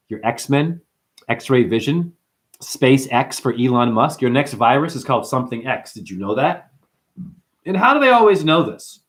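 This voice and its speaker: With a mid-range voice, a man hosts a spiritual livestream and talks animatedly to his chat. He calls his listeners honey and chants mantras.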